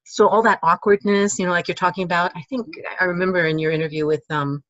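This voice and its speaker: A woman speaks as an interview guest, musing aloud in halting phrases that often trail off and restart. The sound is dull and dry, as if from a video call. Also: lowish voice, steady tone, a bit bright, no echo. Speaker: guest, teacher. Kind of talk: casual conversational interview.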